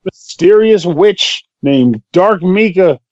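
A man's voice: high voice, animated, takes it slowly, darkish tone, no echo. A man chatting casually as a podcast guest, rambling and self-deprecating and laughing often. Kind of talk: casual chat. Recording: dry, dull lo-fi sound.

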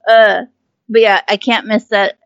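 A woman co-hosting a casual podcast, chatty and quick to laugh, acting out what other people said. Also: mid-range voice, a bit bright, no room sound, muffled recording. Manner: chatty, laughs often, acts out quoted people. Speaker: podcast co-host. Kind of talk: casual chat.

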